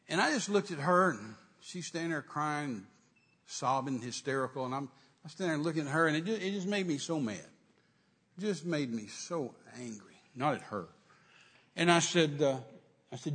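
An older man preaching a sermon, telling a folksy story that swings from hushed to shouting. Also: mid-range voice, expressive, brisk, husky.

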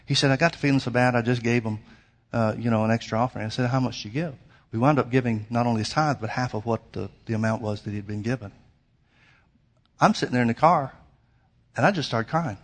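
A man's voice: medium pitch, quick pace. Earnest male pastor telling a story. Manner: earnest storytelling, grows excited and emphatic. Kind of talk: sermon with personal story.

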